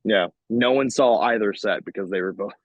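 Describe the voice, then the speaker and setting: A man who sings in a metal band, guesting on a podcast in casual chat. He tells animated stories, swears freely and laughs often. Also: fairly low pitch, a little fast, no room sound. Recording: dull lo-fi, dry podcast audio.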